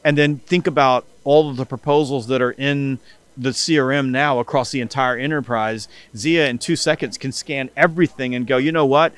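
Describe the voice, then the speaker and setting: A man's voice: medium pitch, moderate pace, clean tone. A man being interviewed as a podcast guest, telling stories in a conversational way and acting out the dialogue he quotes. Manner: animated, acts out quoted dialogue.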